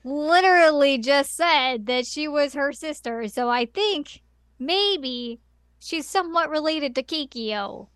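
A woman's voice: high-pitched, animated, slow, a bit bright, dry recording, clean studio sound. A woman co-hosting a casual chat, adding wry, teasing comments. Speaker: podcast co-host.

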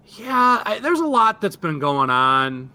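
Male player, very bright tone, relaxed slow chat, lots of "uh". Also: high voice. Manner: casual, hesitant, with fillers. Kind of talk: casual tabletop game chat.

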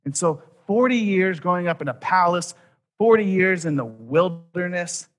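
A man in his thirties preaching a sermon, telling a story with quoted voices and dropping soft at key points. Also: high voice, expressive, normal speed. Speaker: pastor.

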